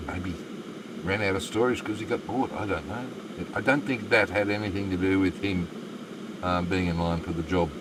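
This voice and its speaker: A man's voice: low-pitched, background noise. A man with an Australian accent chatting casually while live-streaming a game, rambling and self-deprecating.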